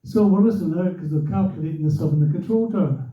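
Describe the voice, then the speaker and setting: A former racer, an older man, tells a quick-paced, animated anecdote to a club audience, acting out each quoted voice, including a commentator's. His fairly high voice is recorded from a distance, echoing around the club room on a dull, lo-fi recording.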